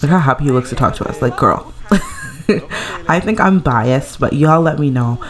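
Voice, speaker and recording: A woman's voice: rumbling low, moderate pace. A woman giving casual, gushing commentary over a life-sim game she plays at home, chatting and laughing often. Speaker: let's play creator.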